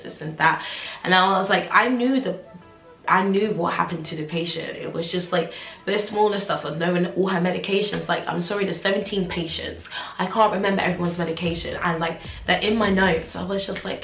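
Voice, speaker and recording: Young female doctor vlogger, casual and animated storyteller, slightly low voice, roomy echo, soft background music. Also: a little fast, vocal fry. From United Kingdom. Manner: animated retelling, acting out quotes, many fillers. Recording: echoey room with faint music.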